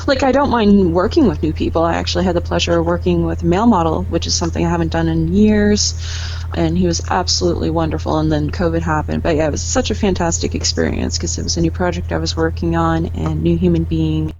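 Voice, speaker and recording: Woman, low voice, candid, laughs often, casual swearing, dull lo-fi audio. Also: lively intonation, quick pace, a little mellow, slight background noise. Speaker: guest photographer and artist. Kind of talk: casual podcast chat.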